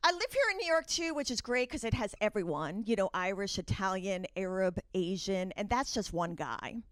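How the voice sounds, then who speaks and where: A woman doing a stand-up comedy set with a brisk, conversational delivery and wry asides. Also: medium pitch, expressive, a little hiss or hum. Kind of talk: stand-up set, then a short chat with the host.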